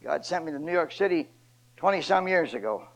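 A man's voice: animated, fairly quick, rough recording. Older preacher man with big swings. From Ohio. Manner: preaching with big swings from shouted high pitch to low quiet asides. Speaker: pastor. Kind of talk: sermon.

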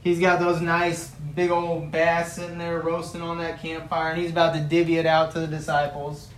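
A man's voice: on the high side, monotone, normal speed, echoey room, slight background noise, low-quality recording. A male preacher giving a sermon, retelling a story in a folksy, vivid way and building to passionate emphasis.

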